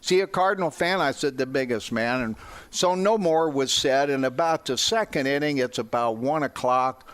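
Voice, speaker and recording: A man's voice: mid-range voice, normal speed, smooth. Older man telling a story on the radio. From St. Louis area, US. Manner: animated storyteller acting out quoted voices. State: gets emotional. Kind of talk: anecdote on a sports talk radio show.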